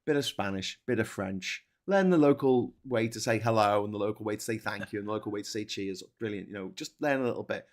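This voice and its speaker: A man's voice: fairly low pitch, quick pace, few pauses. A man hosting a casual chat show, chatty, swearing freely and laughing often. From England. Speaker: host.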